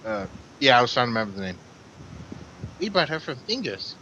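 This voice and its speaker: A man playing a tabletop game and chatting casually in a lively, easygoing way. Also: medium pitch, a little fast, highs cut off, slight background noise. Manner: lively, laughs easily. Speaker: player.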